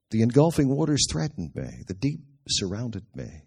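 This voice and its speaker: A man preaching a sermon, reading a Bible story aloud with animated storytelling and chuckling asides. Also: medium pitch, normal speed, gravelly, hardly any pauses, husky.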